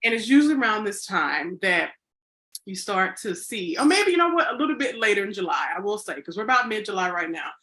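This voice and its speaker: A woman's voice: mid-range voice, expressive, a little fast, bright, forceful tone. A woman co-hosting a podcast in casual chat. She rambles playfully and corrects herself, with lots of "you know" fillers. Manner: playful and chatty. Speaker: podcast co-host.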